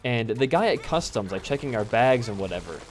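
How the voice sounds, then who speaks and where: A man's voice: medium pitch, lively intonation, brisk, a little hiss or hum. A man from the US Midwest doing casual gameplay commentary, telling a rambling story and swearing freely as he plays. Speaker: gaming YouTuber.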